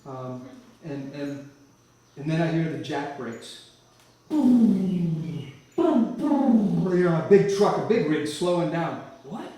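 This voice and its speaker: Animated male storyteller in an echoey church. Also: a little high, unhurried. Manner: vivid, animated storyteller who often restarts. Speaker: church speaker giving a testimony. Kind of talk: storytelling sermon testimony. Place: church hall. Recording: echoey church hall from far off.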